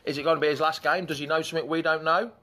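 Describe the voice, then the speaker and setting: A man's voice: a little high, fairly even intonation, very fast, bright, forceful tone. A man hosting a live fan chat show in a chatty, rambling way, breaking off to greet commenters.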